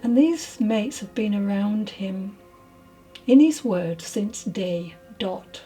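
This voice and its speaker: A woman giving a channelled mediumship reading, hesitant and apologetic, often dropping into soft whispered asides. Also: mid-range voice, expressive, takes it slowly, slightly rough, soft background music, rough recording. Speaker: spiritual medium.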